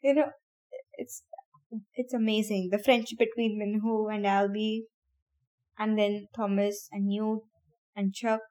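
A woman's voice: mid-range voice, level tone, a little slow, pauses often, warm tone. A woman podcast host reading a novel aloud, stopping now and then to laugh and talk to her listeners about the story. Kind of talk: casual read-aloud with chatty asides.

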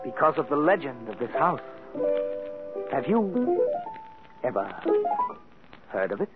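A man's voice: mid-range voice, sing-song, measured pace, loud music behind the voice. An actor playing a mysterious, theatrical male composer in a 1940s radio drama. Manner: portentous, mysterious. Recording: phone-like old radio recording.

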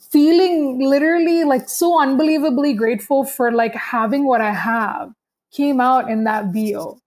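A young woman speaks candidly and emphatically as a podcast guest. Her voice sits a little high. She fills her talk with "like" and restarts. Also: a little mellow. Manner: emphatic, candid, heavy use of "like". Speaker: podcast guest, podcast host and business owner.

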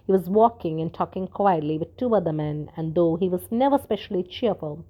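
A woman narrating a story in a steady, measured reading voice. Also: fairly low pitch, highs cut off. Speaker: audiobook narrator.

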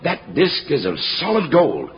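A man's voice: fairly high pitch, wildly swooping pitch, a little slow. A fatherly scholarly old doctor. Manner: learned, fatherly, exclaiming. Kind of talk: 1940s radio acting. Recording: dull old radio recording with long reverb.

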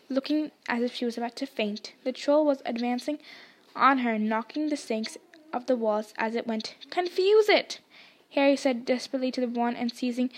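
A woman's voice: on the high side, darkish tone. A woman reading a novel aloud expressively, dropping to a whisper in tense passages. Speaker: audiobook reader.

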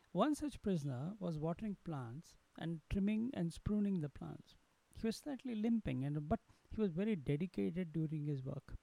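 Gravelly, dark-voiced male storyteller. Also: on the high side, dry recording, rough recording. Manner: unhurried, with frequent fillers and restarts. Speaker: podcast host. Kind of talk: storytelling narration.

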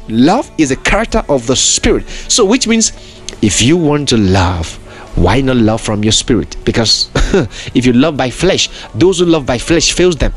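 A man's voice: mid-range voice, very animated, normal speed, faint music behind. A man hosting a podcast, preaching in an emphatic, repetitive way full of rhetorical questions. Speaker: podcast host. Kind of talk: preaching monologue.

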